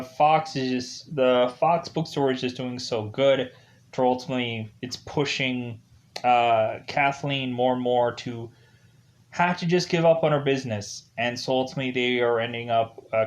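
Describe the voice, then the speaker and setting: A man talks through a film review in a loose, casual way. His voice sits at an average pitch, and he keeps circling back with fillers as he recounts the story. He now and then slips into rough, half-acted versions of the characters' lines. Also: measured pace. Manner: rambling, leans heavily on "ultimately" and "like" as fillers.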